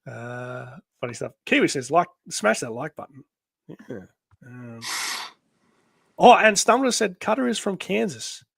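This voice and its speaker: A man hosting a live comic read-through, rambling with many pauses and laughs. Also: fairly high pitch, big pitch swings, vocal fry, a bit bright, slightly rough, no room sound. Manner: rambling, full of ums and laughs. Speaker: host. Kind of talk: casual live-stream chat.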